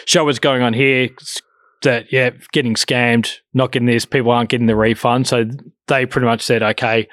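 A man's voice: mid-range voice, flat delivery, moderate pace, a bit bright, dry recording, clean studio sound. A man telling a story in casual chat, swearing freely and acting out both sides of the conversation.

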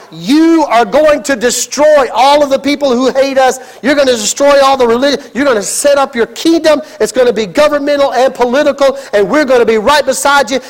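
A man voicing an indignant, ambitious male disciple who protests loudly and in disbelief. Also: very high voice, in a large hall, low-quality recording. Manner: loud, protesting and incredulous.

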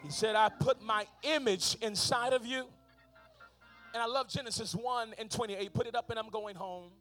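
High-voiced man preaching a sermon. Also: moderate pace, soft background music. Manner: call-and-response preaching, shouting and singing out lines; frequent "uh" fillers. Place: church sanctuary.

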